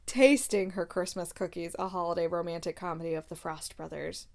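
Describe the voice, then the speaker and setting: A woman's voice: on the low side, fairly even intonation, fairly quick, vocal fry, a little mellow. A woman chatting casually about books, laughing and reacting in disbelief as she reads blurbs aloud. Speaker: book vlogger. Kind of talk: casual book review chat.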